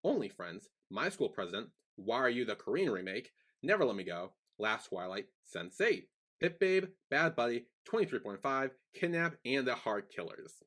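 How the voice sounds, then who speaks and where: A man's voice: medium pitch, moderate pace, few pauses. A young man chats casually as a podcast co-host, rambling through his points with plenty of fillers and restarts. His voice rises and falls a lot as he talks. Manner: rambling, filler-heavy, animated. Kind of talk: casual chat.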